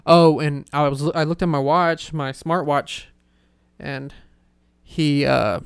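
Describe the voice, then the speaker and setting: Young guy, podcast host, loose rambling chat, smooth clear voice, dry close sound. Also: on the high side, fairly even intonation, takes it slowly, no echo. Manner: rambling, full of "like" fillers and laughter. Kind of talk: casual storytelling chat.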